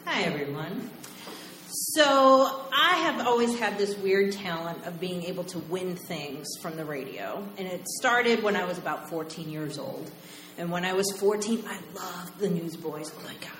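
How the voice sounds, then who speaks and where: Animated woman telling a story on stage. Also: lowish voice, measured pace. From Oklahoma, US. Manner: animated, acts out voices and laughs. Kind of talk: live storytelling. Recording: roomy live venue, faint noise.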